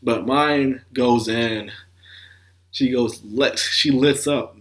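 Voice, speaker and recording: Young male anime reviewer, casual and animated, under the weather with a cough. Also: medium pitch, drawn-out words. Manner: animated, swears and laughs, acts out scenes. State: sick with a cough.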